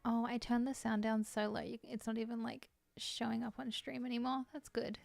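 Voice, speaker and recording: Bubbly high-voiced woman streamer. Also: little pitch movement, fairly quick, vocal fry, darkish tone, dry recording. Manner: bubbly, giggly, scattered. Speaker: live streamer. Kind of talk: casual live-stream chat.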